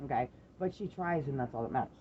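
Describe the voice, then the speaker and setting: A middle-aged parent in a casual chat with their adult daughter, telling lively stories, swearing freely and acting out the voices of the people in them. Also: mid-range voice, fast talker, husky, highs cut off. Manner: animated storyteller, swears freely, acts out quoted voices.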